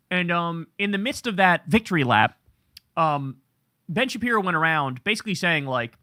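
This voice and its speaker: Male political host, angry profane rant, high and bright, dry close mic. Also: animated, normal speed, dry recording. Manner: angry, profane, sarcastic ranting. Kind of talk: heated political commentary.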